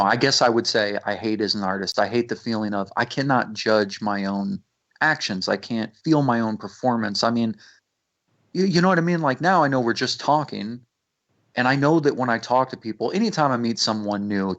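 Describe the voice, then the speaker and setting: A man's voice: mid-range voice, normal speed, a bit bright. A man, a rapper, talking intensely as a radio guest, swearing freely and restarting his sentences. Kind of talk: casual radio interview. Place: radio studio. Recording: muffled lo-fi radio audio.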